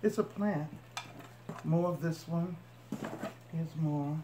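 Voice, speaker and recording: Slow-talking woman unboxing in an echoey room. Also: sits low, noisy background. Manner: chatty, talks to viewers while unpacking. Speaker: couponing vlogger. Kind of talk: casual unboxing narration.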